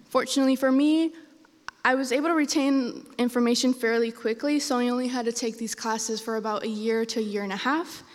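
A young woman, a first-year student whose first language is Spanish, telling a personal story on stage in an auditorium. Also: high voice. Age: young adult. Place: large auditorium. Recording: long hall reverb.

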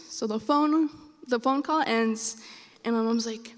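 High-voiced young woman telling a story. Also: normal speed. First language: Spanish. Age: young adult. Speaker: student storyteller. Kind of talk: personal storytelling on stage. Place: large auditorium. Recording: long hall reverb.

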